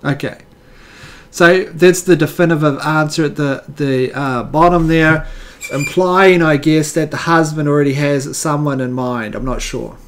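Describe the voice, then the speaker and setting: Man, host reading jokes, rambling and wry, voice a bit high, casual delivery. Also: steady tone, unhurried, slight background noise. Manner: rambling and wry, with fillers and self-corrections. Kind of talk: casual joke-reading commentary.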